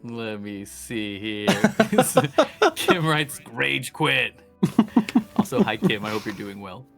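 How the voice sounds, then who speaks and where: A man's voice: fairly low pitch, wildly swooping pitch, slow, fairly bright tone, soft background music. A young man, a voice actor, chatting casually as an interview guest, laughing often and slipping into character voices.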